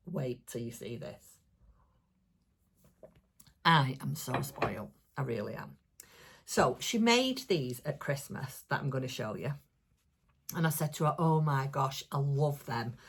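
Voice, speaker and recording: A woman chatting casually in a crafting vlog, gushing and excitable as she rambles over gifts she has received. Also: rumbling low, husky. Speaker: crafting vlogger. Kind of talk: casual chatty show-and-tell.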